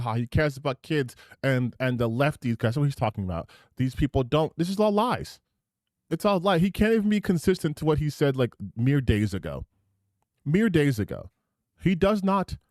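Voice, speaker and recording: A man's voice: fairly high pitch, animated, normal speed, a little mellow, no echo. Indignant, sarcastic male streamer, dry sound. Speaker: streamer reacting to clips. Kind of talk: profane reaction commentary.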